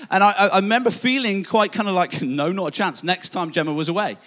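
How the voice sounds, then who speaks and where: Guy preaching, rapid chatty storytelling, pitched kinda high. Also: a bit bright. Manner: chatty, self-mocking storytelling with many restarts. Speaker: pastor. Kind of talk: sermon with personal story.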